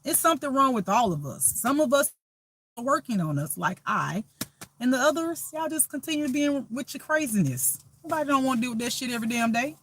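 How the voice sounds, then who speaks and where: A woman's voice: high voice, sing-song, fairly quick, fairly bright tone. Woman, spiritual reader, casual rant, profane, blunt, laughing, noisy recording with vehicle sounds. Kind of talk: casual unscripted monologue to viewers.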